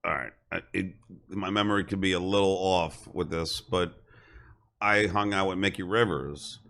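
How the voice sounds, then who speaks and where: A man hosting a podcast in casual chat, halting and restarting his sentences. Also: sits low, steady tone, vocal fry, a bit bright. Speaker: podcast host.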